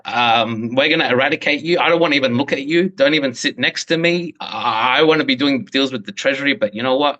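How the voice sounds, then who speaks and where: A man putting on the voice of a boastful, self-important crypto dealmaker who brags loudly about meeting officials. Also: mid-range voice, dull audio, lightly acted. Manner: pompous, bragging, loud.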